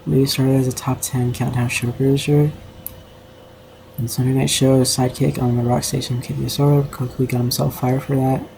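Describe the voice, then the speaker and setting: A man's voice: mid-range voice, level tone, moderate pace, creaky, a little mellow, slight background noise, low-quality recording. A young man streaming casually, rambling and self-conscious with lots of filler words. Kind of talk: casual livestream commentary.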